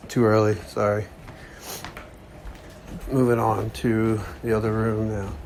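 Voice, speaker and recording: A man's voice: on the low side, little pitch movement, slow, darkish tone, a little hiss or hum. A man hosting his own podcast, talking in a casual, wandering monologue full of jokes and asides. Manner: joking, wandering, self-mocking. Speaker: podcast host.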